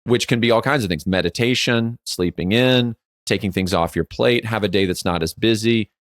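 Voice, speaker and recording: A forties-aged man co-hosts a podcast, animatedly telling stories in casual chat, acting out quotes, and frequently dropping "like." He speaks at a moderate pace with a fairly low pitch, and the sound is clean studio audio with no room sound.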